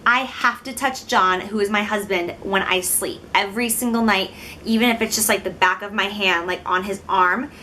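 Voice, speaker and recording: A woman's voice: medium pitch, fairly even intonation, normal speed, sharp tone, slight background noise. A young woman in her twenties, from Illinois, talking casually to the camera in a chatty, giggly, self-deprecating way. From Illinois, United States. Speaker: beauty vlogger.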